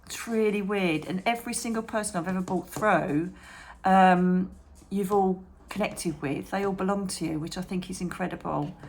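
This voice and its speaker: A woman chatting to camera about meditation as a psychic medium and channel host, animated, calling viewers darling and trailing off mid-thought. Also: fairly low pitch, normal speed, slight background noise. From England. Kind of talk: chatty advice vlog to camera.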